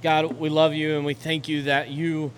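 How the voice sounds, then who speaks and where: A young adult man preaching a sermon as pastor, building to loud, urgent exhortation and then closing in a quiet, reflective way. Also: on the high side, level tone, moderate pace. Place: church auditorium. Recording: long hall reverb with faint noise.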